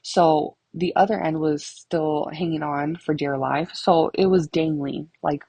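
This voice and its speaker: A woman's voice: low-pitched, steady tone, unhurried, dark tone, slightly rough, no room sound, rough recording. A young woman telling stories in a casual, rambling, profane way, laughing often. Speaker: vlogger. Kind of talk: casual storytelling.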